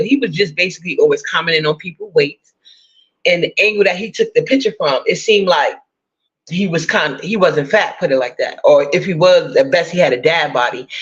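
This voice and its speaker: A woman's voice: low voice, highs cut off. A woman chatting casually to her viewers, blunt, profane and gossipy with laughing asides. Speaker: vlogger.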